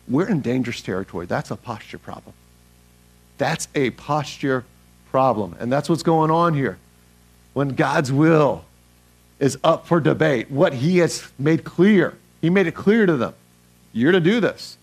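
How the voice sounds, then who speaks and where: A man preaching a sermon as pastor, animated, leading the congregation to read verses aloud with him. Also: a little high, a little slow.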